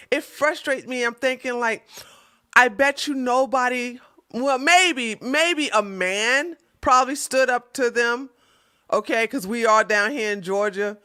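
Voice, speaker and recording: A woman with a high, bright, clear voice vents to her viewers about everyday annoyances. She tells the story casually and with real exasperation, speaking straight to them as if they were friends. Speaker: vlogger.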